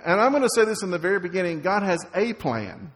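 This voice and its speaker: A man's voice: sits high, big pitch swings, fast talker, fairly bright tone. A man preaching a sermon, stumbling over repeated words and fillers, then rising to stress key lines. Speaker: pastor. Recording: long reverb of a large hall.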